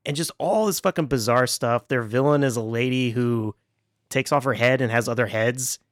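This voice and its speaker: A man chatting casually as a podcast co-host, rambling along with frequent laughs and plenty of swearing. His voice sits at an everyday middle pitch. The sound is close and dry, with no room around it. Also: moderate pace, no echo. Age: adult with children. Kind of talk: casual chat reviewing a film.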